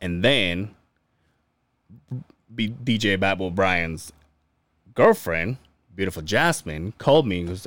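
A man chatting on a podcast, swinging his pitch widely as he acts out everyone in his stories. He curses casually and keeps things loose. The sound is close and dry, with no room echo. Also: slow, long pauses. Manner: animated storyteller acting out quoted dialogue, swears freely. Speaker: podcast co-host.

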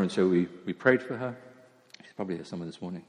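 A man preaching a sermon in a church in a conversational, self-deprecating way, dropping into quiet asides. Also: sits low, rapid-fire. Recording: long church hall reverb.

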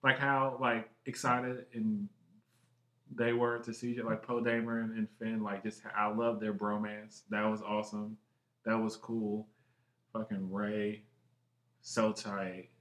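A man co-hosting a podcast, chatting excitedly with lots of swearing, jumping from one thought to the next. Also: fairly low pitch, measured pace. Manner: excitable, heavy swearing, jumps between thoughts. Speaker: podcast co-host. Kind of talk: casual chat. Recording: roomy echo.

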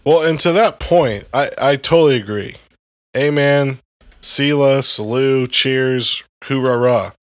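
A man's voice: mid-range voice, slow, dry recording. A man on a podcast, ranting in a heated, profane way in casual chat with a co-host.

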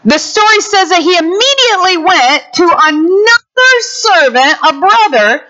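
A woman preacher delivering a sermon with animated storytelling, acting out the characters. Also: very high-pitched, a little slow. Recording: dull lo-fi sound.

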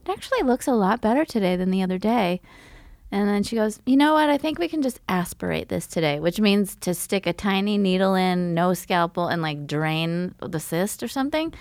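A young adult woman hosts a comedy podcast and tells candid stories full of acted-out quotes. Her voice carries a gravelly fry. It sounds dry and close to the mic. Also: lowish voice, no echo. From raised by a Russian mother. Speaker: podcast host. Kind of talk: casual comedic chat.

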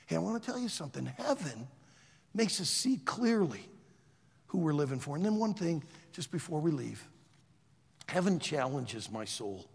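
A man preaching to college students, telling a story in a loud, animated way. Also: fairly high pitch, moderate pace, vocal fry, slightly rough, long reverb tail. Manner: animated storyteller, shouts quoted lines. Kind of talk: sermon with a story.

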